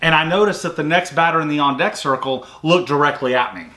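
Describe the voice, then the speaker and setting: A man hosting a sports recruiting show, casually recapping a softball game play by play with lots of fillers. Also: fairly high pitch, quick pace. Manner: chatty, recounts plays step by step with fillers.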